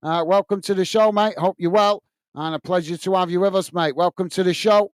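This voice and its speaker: A man's voice: high-pitched, fairly even intonation, fairly quick, a little hiss or hum. A middle-aged English man hosting a live football watch-along, commenting on play and reading viewer messages in a blunt, upfront way. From England.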